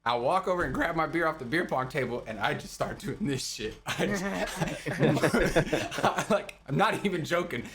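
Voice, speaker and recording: Young male podcast co-host, higher-leaning voice, animated and profane storyteller who acts out his quotes. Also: normal speed, hardly any pauses, a loud crowd. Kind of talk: casual storytelling chat.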